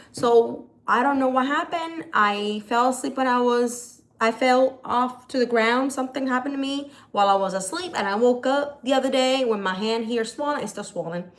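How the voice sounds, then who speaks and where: Exasperated rambling woman, slightly high voice. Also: a bit bright. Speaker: creator hosting a live video. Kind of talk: rambling casual vlog chat. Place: at home, hot day.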